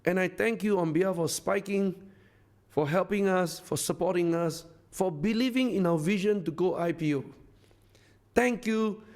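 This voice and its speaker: High-voiced man giving an effusive stage speech. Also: normal speed, a little mellow. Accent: Singaporean English. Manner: effusive, repetitive, rallying the crowd. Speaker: company founder addressing a masterclass audience. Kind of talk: live stage speech to an audience.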